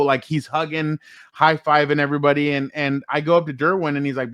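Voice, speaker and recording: A man with a fairly high voice co-hosting a sports talk show. He tells excited locker-room stories and quotes players as he goes. The recording is dry and close, with no room sound. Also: brisk, dry recording. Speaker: sports podcast co-host and reporter.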